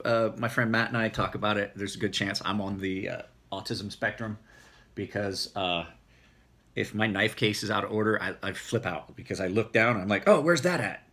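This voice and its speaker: Husky-voiced man with a country accent. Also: lowish voice, unhurried, pauses often. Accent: rural American country accent. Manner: rambling, relaxed, self-correcting. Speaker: knife maker answering viewer questions. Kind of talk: casual Q&A video.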